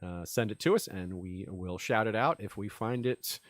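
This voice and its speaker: A man's voice: fairly low pitch, moderate pace, dry recording, studio quality. Chatty man hosting a podcast. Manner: rambling, chuckling, many fillers. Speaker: podcast host. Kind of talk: casual chat.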